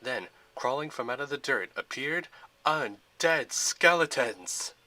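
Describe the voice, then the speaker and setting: A man reads out a fan-made adventure film in a plain storytelling style. His voice is bright and sharp. His pitch sits in an ordinary middle range. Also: animated, slow pace, no echo. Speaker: narrator.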